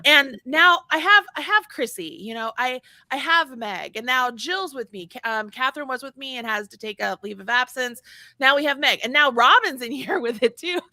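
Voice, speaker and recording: A woman's voice: sits high, moderate pace, no echo. A woman co-hosting a casual podcast chat, telling stories with lots of laughter and acted-out quotes. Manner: animated storyteller, laughs often, acts out quotes. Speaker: podcast co-host.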